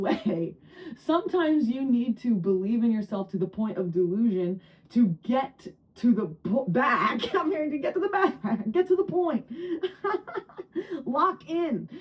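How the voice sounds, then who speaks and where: Excitable higher-voiced woman reading tarot. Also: low-quality recording. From New Jersey. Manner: excitable and chatty, breaks into laughter and high squeals. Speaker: tarot reader. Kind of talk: casual tarot reading to camera.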